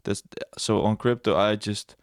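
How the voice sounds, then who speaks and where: Speaking a little slowly in a fairly low, steady voice, a young trading educator goes over his trades on screen. He wanders, revises himself mid-thought, and comes across blunt with a touch of sarcasm. It's a dry, studio-quality recording.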